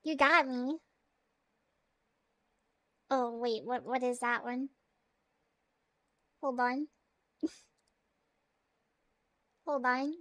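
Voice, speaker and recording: High-voiced Canadian woman streamer. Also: fairly even intonation, very slow, pauses often, fairly bright tone, dry recording. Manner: playful and rambling, chats to viewers. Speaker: live streamer. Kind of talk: casual live-stream chat.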